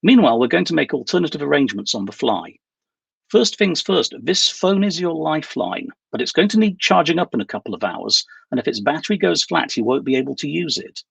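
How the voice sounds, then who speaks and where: A calm, businesslike woman handler gives brisk instructions over the phone, voiced by a gravelly-voiced man reading aloud. Her pitch sits slightly raised and lively, and the voice is husky in a dry room. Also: dry recording, full character voice.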